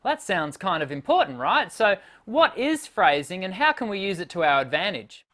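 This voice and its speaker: Expressive woman teaching singing. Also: fairly low pitch, normal speed. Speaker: vocal coach. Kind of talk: singing lesson.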